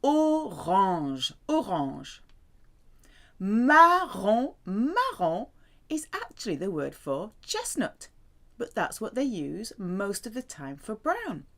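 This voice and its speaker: A woman from the UK teaching a French lesson, saying each word slowly and repeating it with careful emphasis. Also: mid-range voice, huge pitch swings, vocal fry. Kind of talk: slow, deliberate language lesson.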